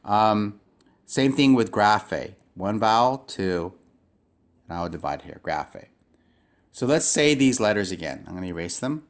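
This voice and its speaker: Halting male teacher with a lowish voice. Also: lively intonation. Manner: halting, many fillers and restarts, sounds words out slowly. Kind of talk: recorded classroom lecture.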